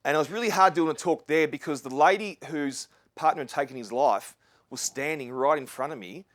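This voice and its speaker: A man's voice: on the high side, a little fast, a bit bright, no room sound, clean studio sound. A middle-aged Australian man giving a live talk to an audience, earnest and rambling, with restarts and asides. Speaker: speaker. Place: lecture venue with live audience.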